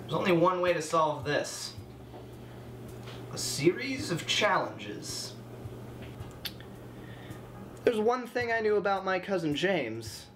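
A man's voice: a little high, fairly bright tone. A man playing a wry heir who narrates and sets his cousin a series of challenges in a dry, matter-of-fact way. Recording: noisy film soundtrack.

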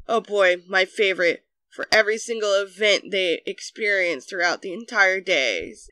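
A narrator reading online comments aloud in a deadpan way with sudden bursts. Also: medium pitch, normal speed, hardly any pauses, no echo. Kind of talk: scripted narration.

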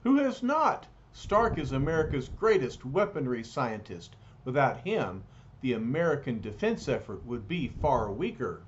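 A man's voice: medium pitch, sing-song, measured pace, dull audio, a little hiss or hum. A man reading a storybook aloud, voicing an arrogant, sarcastic male villain scientist in a haughty, precise way. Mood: scornful.

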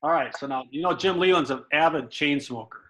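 Middle-aged man, animated anecdotes, bright forceful voice, somewhat high. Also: brisk, slight background noise, low-quality recording. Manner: animated, lively storyteller. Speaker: guest, former baseball player. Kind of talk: storytelling anecdotes.

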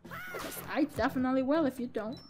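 A woman's voice: sits high, wildly swooping pitch, brisk, faint music behind. A woman hosting a game let's-play, chatting in a jokey, self-mocking way. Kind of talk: casual game commentary.

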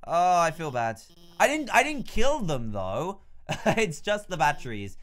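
A man giving excitable, chatty commentary while playing a video game. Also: sits high, moderate pace, soft background music. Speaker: gaming YouTuber. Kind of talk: let's play commentary.

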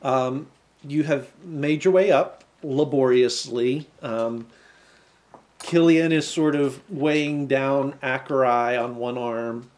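A man narrating a tabletop game as game master, slow and halting with many fillers. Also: mid-range voice, fairly even intonation, darkish tone.

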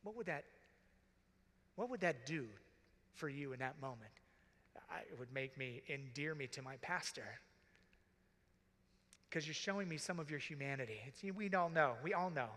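Earnest, bright-voiced middle-aged deacon. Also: male voice, medium pitch. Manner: earnest, heartfelt storytelling, dropping to a hush in emotional moments. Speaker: deacon speaking to priests. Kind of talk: conference sermon. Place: large conference hall. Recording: reverberant hall.

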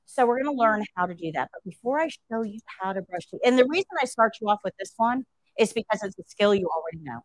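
A woman's voice: medium pitch, animated, fast, rough recording. A woman nursing instructor telling a story to her class during a livestream, asking rhetorical questions as she goes.

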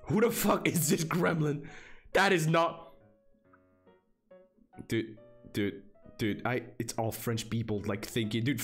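A young man streaming a game, casual commentary full of swearing, mocking asides and sudden shouts of disbelief. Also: medium pitch.

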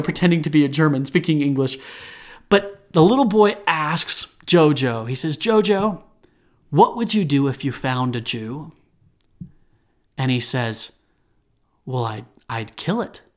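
A young man hosting a solo podcast, talking earnestly with restarts and fillers. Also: a little high. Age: young adult. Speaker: podcast host.

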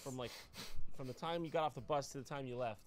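A man hosting a casual interview, joking around and firing off animated questions. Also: medium pitch, fast. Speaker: host interviewer.

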